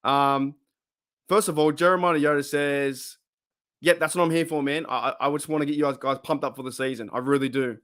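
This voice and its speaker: A man's voice: a little high, fairly even intonation, fairly quick, fairly bright tone. An Australian man hosting a live sports podcast, fired up and rambling as he reads chat comments aloud. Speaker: podcast host.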